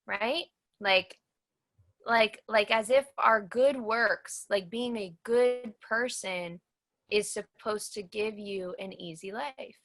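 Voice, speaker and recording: A woman's voice: mid-range voice, slow pace, fairly bright tone. A woman giving an earnest personal testimony in an interview, telling her story emphatically and repeating phrases for weight. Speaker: cancer survivor guest.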